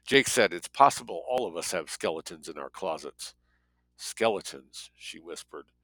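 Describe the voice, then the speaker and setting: A man's voice: low voice, animated, normal speed, gravelly, pushed and bright, dry recording, low-quality recording. A man reading a story aloud as an audiobook narrator, lightly voicing the dialogue.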